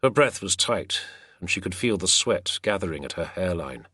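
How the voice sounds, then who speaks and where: A man narrating a historical novel as an audiobook in measured, expressive storytelling. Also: sits low, slightly rough, no room sound, clean studio sound. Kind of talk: scripted narration.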